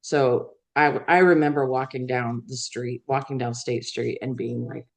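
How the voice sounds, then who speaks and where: Low-voiced woman telling career stories. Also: fairly even intonation, a little slow. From Iowa. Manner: rambling storytelling with frequent fillers and laughs. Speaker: guest, veteran news executive. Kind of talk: casual interview chat.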